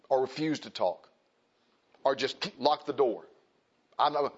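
A man preaches in a plain, conversational way, driving points home by repeating himself. He rises loud and high for emphasis, then drops to quiet, low asides. His voice sits at an ordinary middle pitch on a dull, lo-fi recording. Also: measured pace, long pauses, husky. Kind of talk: conversational sermon.

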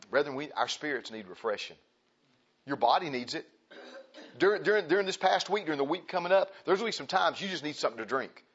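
A Baptist pastor preaching a sermon in a church, repeating phrases and asking the congregation questions. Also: male voice, on the high side, expressive, fast talker, fairly bright tone, husky. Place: church sanctuary. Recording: dull lo-fi church recording.

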